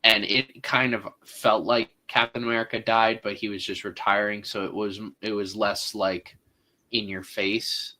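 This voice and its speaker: A man co-hosting a casual movie podcast, talking through his views in a thoughtful, halting way. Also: lowish voice, flat delivery, bright, forceful tone, rough recording. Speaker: podcast co-host.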